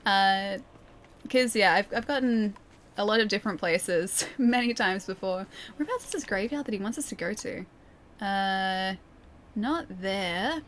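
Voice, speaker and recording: A fairly high-voiced woman with an Australian accent from Melbourne, chatting away to her viewers as she plays. She talks casually and giggles often between remarks about the game. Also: expressive, unhurried, pauses often, a bit bright, a little hiss or hum. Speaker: streamer. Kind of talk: casual gameplay chat.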